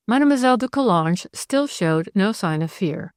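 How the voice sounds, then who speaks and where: A woman narrating an audiobook in a measured, steady way. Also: medium pitch, smooth, no room sound, clean studio sound. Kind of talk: scripted narration.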